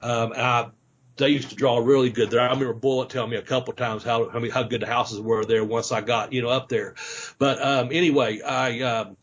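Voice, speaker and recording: A man's voice: medium pitch, fairly even intonation, fairly quick, a little hiss or hum. A middle-aged man, a former wrestler, casually telling rambling stories on a podcast, with lots of fillers and laughter. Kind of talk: casual storytelling chat.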